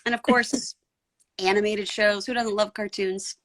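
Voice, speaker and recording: A woman's voice: medium pitch, steady tone, unhurried, fairly bright tone. A woman voice actor from San Diego, chatting casually as a guest with lots of "like" fillers. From San Diego, USA. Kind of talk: casual podcast chat.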